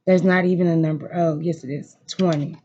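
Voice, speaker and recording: Background noise and a muffled recording surround a brisk, mid-range voice with fairly even intonation. It belongs to a tarot reader giving a card reading at home who speaks directly to viewers, emotionally intense and emphatic, repeating encouragement and swearing a lot.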